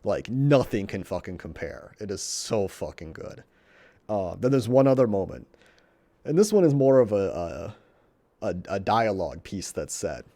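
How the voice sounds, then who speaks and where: A swearing, gushing man with a dark voice. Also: fairly low pitch, sing-song, normal speed, no room sound. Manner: swears often, stumbles over words, gushing. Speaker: vlogger reviewing a show. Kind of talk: excited casual monologue.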